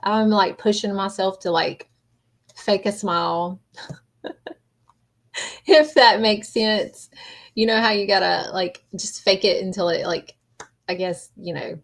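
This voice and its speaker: A woman hosting a casual livestream, talking in a halting, rambling way and greeting viewers by name. She is emotional and close to tears. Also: medium pitch. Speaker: livestream host.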